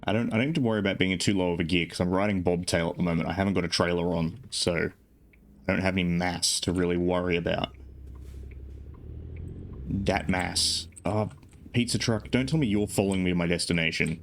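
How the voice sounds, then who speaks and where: A man's voice: deep voice, fairly even intonation, brisk. A sleep-deprived man streaming a driving game, rambling casually with self-deprecating jokes. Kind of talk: casual gameplay commentary.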